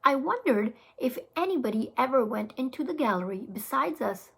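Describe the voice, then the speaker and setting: A woman teacher reading a children's chapter book aloud to her class, with expressive storytelling. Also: high voice, normal speed, creaky, husky, low-quality recording. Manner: expressive storytelling with small restarts.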